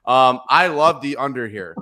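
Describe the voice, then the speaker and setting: A man's voice: medium pitch, expressive, moderate pace, bright, forceful tone. A man hosting a casual sports betting podcast, crude and joking. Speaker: podcast host.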